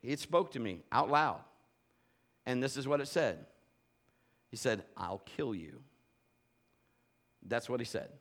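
A man's voice: medium pitch, moderate pace, long pauses. A middle-aged male preacher telling a dramatic story in a sermon and acting out the voices and sounds in it. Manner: animated, acts out voices and sounds.

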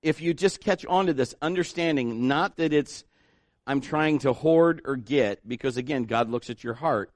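A man preaching a sermon, telling a story in an animated way and acting out the voices of others. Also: mid-range voice, moderate pace, no room sound. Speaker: pastor.

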